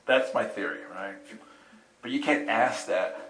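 A man's voice: on the low side, measured pace. A man telling a personal story in casual conversation, acting out the voices of the people in it, laughing often and checking in with "right?". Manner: animated, acts out quotes with voices, laughs often, asks "right?". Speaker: storyteller recounting a personal experience. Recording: roomy echo.

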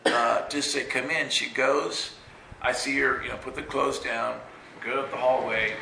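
A man telling a story in a casual, rambling way, often asking "right?" and jumping high when quoting himself. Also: steady tone, unhurried, vocal fry, sharp tone, slight background noise. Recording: roomy echo.

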